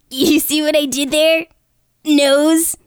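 A woman's voice: high voice, level tone, takes it slowly, no room sound, clean studio sound. A woman voicing Doc, a playful, encouraging sidekick who jokes with the host in a children's audio drama.

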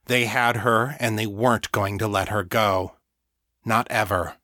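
Bright-voiced male audiobook narrator. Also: lowish voice, fairly even intonation, a little slow, no echo, clean studio sound. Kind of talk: scripted narration.

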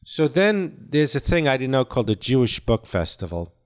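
Older guy guest rambling thru stories, kinda self-deprecating, smooth clear voice. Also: medium pitch, big pitch swings, moderate pace. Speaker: guest, actor and comedian. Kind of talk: casual interview chat.

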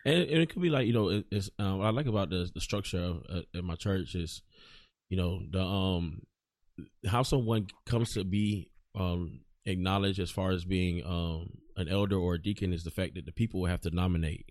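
A man hosting a casual podcast conversation, talking haltingly with many restarts and fillers. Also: low-pitched, a little mellow, no room sound, clean studio sound. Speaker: podcast host. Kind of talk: casual chat.

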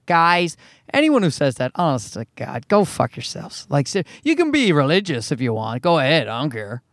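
A man with a Newfoundland accent, hoarse from a cold, hosting his podcast in a rambling, profane, self-mocking chat. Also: on the high side, big pitch swings, moderate pace, fairly bright tone, no room sound, clean studio sound. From Newfoundland, Canada. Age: adult, married. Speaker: podcast host. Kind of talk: casual solo podcast chat.

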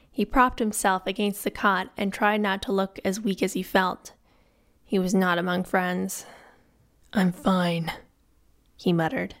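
Slow, measured woman narrator. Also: medium pitch. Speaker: audiobook narrator. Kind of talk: scripted narration.

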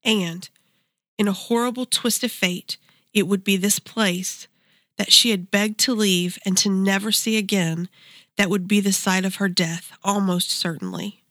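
A woman's voice: medium pitch, fairly even intonation, measured pace, fairly bright tone, no echo. Woman narrating in a dry, close sound. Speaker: host. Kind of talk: interviewing and scripted narration.

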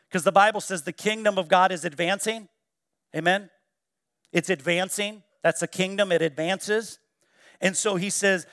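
A man preaching a sermon in church, swinging between loud exclamations and hushed, quiet quoting. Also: high-pitched, measured pace, no echo, clean studio sound. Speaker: pastor. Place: church sanctuary.

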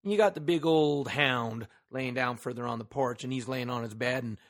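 A man's voice: medium pitch, normal speed. A man hosting a solo motivational podcast who talks earnestly into a microphone, leans hard on key words and asks the listener rhetorical questions. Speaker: podcast host.

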